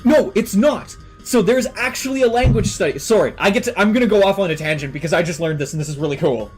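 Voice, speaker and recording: A streamer, chatting casually on a live stream and going off on excited, swear-filled tangents. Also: medium pitch, quick pace, soft background music, poor audio. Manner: rambling enthusiastic tangents with swearing.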